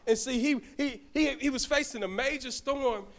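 A man's voice: extremely high pitch, normal speed, a bit bright. A man preaching a sermon as a church deacon, telling a personal story and speaking directly to the congregation, often stumbling and restarting his words. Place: church sanctuary.

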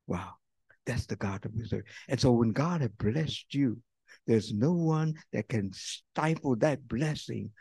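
A man preaching a sermon as pastor, talking conversationally and swinging from loud bursts to hushed near-whispers. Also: medium pitch, creaky, husky, dry recording. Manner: conversational preaching with fillers and quoted voices.

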